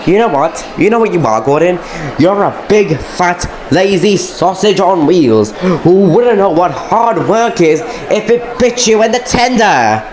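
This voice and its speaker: Man voicing a hot-headed little tank engine, raised pitch, loud retorts. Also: expressive, normal speed, poor audio. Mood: furious. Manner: shouty insulting outbursts. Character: brash cheeky small male tank engine.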